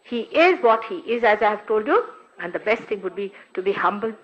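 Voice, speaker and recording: A woman's voice: mid-range voice, lively intonation, fairly quick. An older woman, a spiritual teacher, giving a recorded talk with emphatic, scolding rhetorical questions. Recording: dull lo-fi archive recording.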